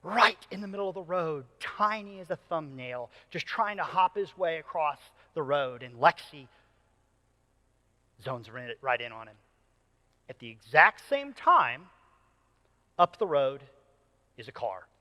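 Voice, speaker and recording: A man in his thirties preaching a sermon as a pastor, an animated storyteller who jokes with the congregation. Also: on the high side, a little slow, long pauses, long reverb tail. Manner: animated storyteller, playful and joking. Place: church auditorium.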